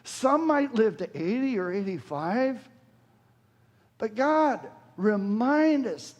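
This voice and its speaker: Pastor, man in his 60s, high-pitched, earnest sermon delivery with big swings in intensity. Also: darkish tone. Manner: earnest preaching, voice rising and falling sharply when quoting scripture.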